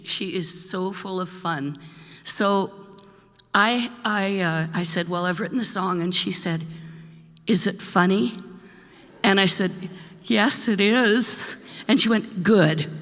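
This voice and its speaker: Bright-voiced older woman chatting onstage. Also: on the low side. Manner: rambling, warm storytelling with frequent laughs. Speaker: singer-songwriter introducing a song. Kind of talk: chatty onstage song introduction. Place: live performance in a church hall. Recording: reverberant hall with faint music.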